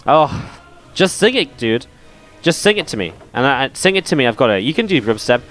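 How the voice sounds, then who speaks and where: A man casts a live esports match, calling the play and joking playfully with viewers in the gaps between action. His voice is on the high side, very animated, brisk and a bit bright, with faint music behind him.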